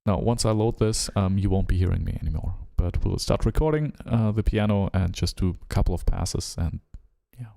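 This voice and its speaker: Man, German accent, mellow low voice, casual live-stream producer chat. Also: fairly quick, vocal fry, few pauses. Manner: musing and relaxed, hums rhythms aloud, trails off.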